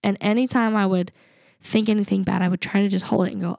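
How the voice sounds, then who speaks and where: A woman's voice: mid-range voice, fairly even intonation, fast talker, creaky, a little mellow, no room sound, studio quality. A young adult woman co-hosting a podcast, talking in an earnest, reflective way and laughing often. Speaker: podcast co-host. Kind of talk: casual podcast chat.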